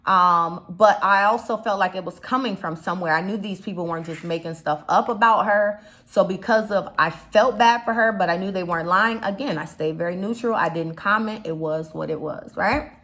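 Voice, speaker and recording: A woman's voice: lowish voice, normal speed, few pauses, a bit bright. A young woman from Chicago with a slight Chicago accent, talking casually in a rambling commentary vlog, full of fillers and asides. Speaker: YouTube commentator.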